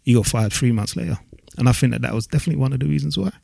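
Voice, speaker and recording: A man's voice: medium pitch, very fast, gravelly, a little mellow, no room sound. A man co-hosting a casual podcast, talking in an earnest, opinionated way. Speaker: podcast co-host. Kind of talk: casual chat.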